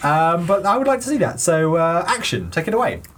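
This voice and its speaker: A man's voice: on the high side, sing-song, a little fast, background noise. A man hosting a comedy podcast, directing improv in a chatty, upbeat, giggly way.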